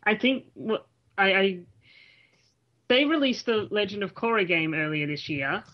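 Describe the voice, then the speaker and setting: With a medium-pitched voice and a measured pace, this woman hosts a laid-back online chat show, speaking in loose, chatty bursts full of restarts. It's a casual group call captured on a home mic, so the audio is lo-fi.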